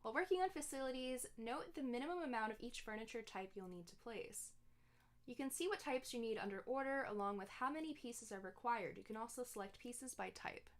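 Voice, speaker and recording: A peppy young otter design mentor from a cozy video game, voiced by a woman reading the tutorial text, giving cheerful, step-by-step instructions in a slightly high, bright-natured voice. The delivery stays close to an everyday speaking voice. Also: brisk, natural voice. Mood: cheerful explaining.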